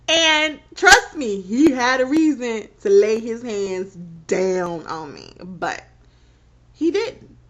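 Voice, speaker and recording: A woman in her thirties frankly telling a personal story on her vlog, animated and laughing between phrases. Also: a little high, extremely slow. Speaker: vlogger. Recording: dull lo-fi recording.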